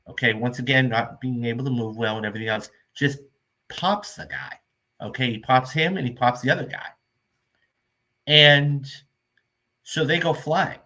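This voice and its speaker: A man's voice: mid-range voice, pushed and bright. A man hosting a film review show, retelling movie scenes in a rambling, casual recap full of "okay?" check-ins.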